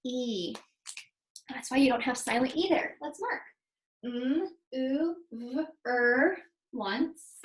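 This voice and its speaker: High-voiced, slow-paced woman teacher. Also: poor audio. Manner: patient, sounds out letters slowly and clearly. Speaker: second grade teacher. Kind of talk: spelling lesson for young children.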